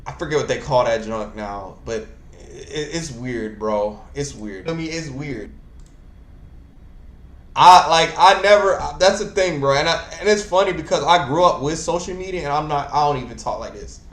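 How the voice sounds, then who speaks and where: A young man hosting a casual chat, talking in an animated, rambling and slangy way. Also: a little high, moderate pace, echoey room. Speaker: host.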